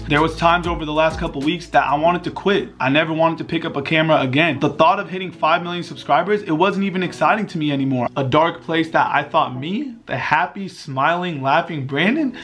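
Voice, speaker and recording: A heartfelt young man speaks straight to his viewers. His voice sits a little high, and soft music plays faintly underneath. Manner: earnest, heartfelt, repeats himself. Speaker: vlogger. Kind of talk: emotional thank-you to viewers.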